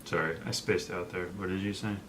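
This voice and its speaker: A young man with a very deep voice, chatting in a relaxed way about money and dropping the odd joke. A faint hum of background noise runs under his voice. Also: brisk. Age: young adult. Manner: laid-back, joking asides. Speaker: co-host. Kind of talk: casual chat.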